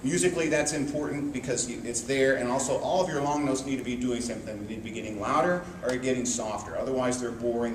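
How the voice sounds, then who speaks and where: Male band teacher, easygoing explainer, distant mic, echoey noisy room. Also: medium pitch. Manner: relaxed explanatory, sings phrases on syllables. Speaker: trumpet teacher. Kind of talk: music lesson explaining an etude.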